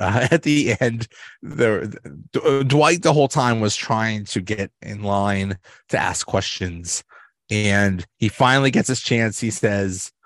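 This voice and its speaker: A man's voice: fairly low pitch, unhurried, dry recording. A man hosting a podcast, casually recapping and ranking sitcom episodes, rambling with many restarts and small chuckles. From Pittsburgh area, US. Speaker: podcast host.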